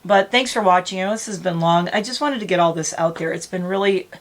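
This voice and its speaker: A woman's voice: lowish voice, fast talker. A middle-aged woman vlogging casually, rambling and close to tears, laughing through emotion. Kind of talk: emotional casual vlog talk.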